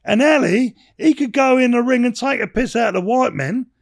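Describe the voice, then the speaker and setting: High gravelly-voiced older man. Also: brisk. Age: 60s. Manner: rambling, swearing, peppered with "you know what I mean". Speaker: podcast guest, former bare-knuckle boxer. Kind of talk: casual interview storytelling.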